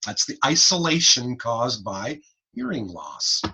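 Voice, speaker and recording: A man's voice: medium pitch, takes it slowly, breathy edge, poor audio. A middle-aged man giving an online lecture on a video call, playful and demonstrative as he teaches. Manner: animated, playful teaching with repeated "guess what" and sound demonstrations. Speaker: hearing-instrument instructor.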